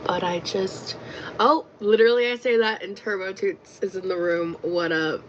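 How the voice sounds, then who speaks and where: A tired woman chats on a casual livestream, rambling and hesitating with many fillers. Her voice is medium-pitched and steady at a normal speed, and the stream audio is dull and lo-fi with faint noise.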